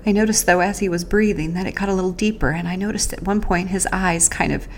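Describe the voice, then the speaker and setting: A woman host recounting her own experience in the first person, earnest and halting, with pauses and restarts. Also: lowish voice, steady tone, slight background noise. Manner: speaks of faith and prayer.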